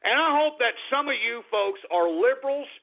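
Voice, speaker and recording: A man hosting a talk radio show, ranting in a gloating, mocking way, shouting and cackling. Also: very high voice, lively intonation, normal speed. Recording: phone-like lo-fi radio broadcast.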